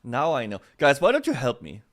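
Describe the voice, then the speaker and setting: A man's voice: medium pitch, huge pitch swings, a little fast. A young man with a German accent, chatting casually as a streamer, often breaking into laughter. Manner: laughs often, reacts loudly to chat.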